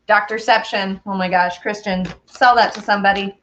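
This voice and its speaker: A woman's voice: mid-range voice, fairly even intonation, fairly quick, fairly bright tone, highs cut off, slight background noise. A woman hosting a casual baking stream, chatting bubbly with viewers and a small child. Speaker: baking show host. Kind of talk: casual baking livestream chat.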